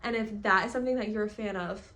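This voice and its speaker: A woman's voice: medium pitch, racing, fairly bright tone. A young woman gushing through a casual book review vlog, chatty and full of "like" fillers. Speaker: book vlogger.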